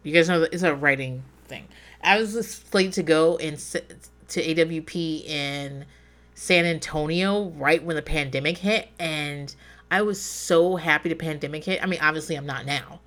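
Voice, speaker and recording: A woman co-hosting a podcast in casual chat, animated, swearing and laughing often as she acts out her inner voice. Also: sits low, moderate pace. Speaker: podcast co-host.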